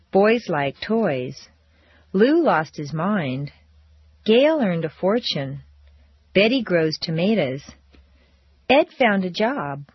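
A woman teaching pronunciation drills, speaking slowly and deliberately with exaggerated intonation. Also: medium pitch, breathy edge, dry recording. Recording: dull dry lo-fi recording.

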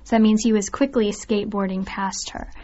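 A woman's voice: medium pitch, fairly even intonation, fairly quick, warm tone, muffled recording. A woman co-hosting a radio English lesson, agreeing and explaining word meanings. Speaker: co-host.

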